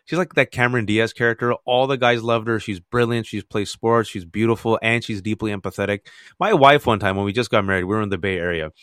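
Animated storytelling man, dry close mic. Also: on the low side, fast talker, hardly any pauses, smooth, no echo. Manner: animated storyteller, laughs often. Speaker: author and guest. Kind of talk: radio interview.

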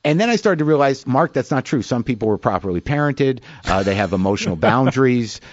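A man's voice: mid-range voice, expressive, brisk, no room sound, highs cut off. Middle-aged man, comic guest, raw and self-deprecating, swears freely, dry close-miked sound. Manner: confessional, self-deprecating, profane. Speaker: comedian guest. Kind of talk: candid storytelling interview.

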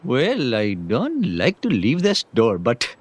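A man's voice: medium pitch, huge pitch swings, takes it slowly, husky, no echo, exaggerated voice. An actor voicing a cheerful Indian immigrant shopkeeper man in a cartoon, with an exaggerated put-on Indian accent and a sing-song manner. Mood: cheery. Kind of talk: cartoon voice acting.

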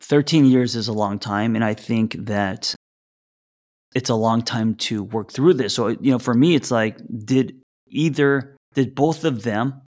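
A middle-aged man with a slight lisp, co-hosting a casual relationship podcast. His pitch sits in an ordinary middle range, and he talks loosely with plenty of fillers and restarts. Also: unhurried, darkish tone. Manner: conversational, reads listener letters aloud, many fillers. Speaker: podcast co-host.

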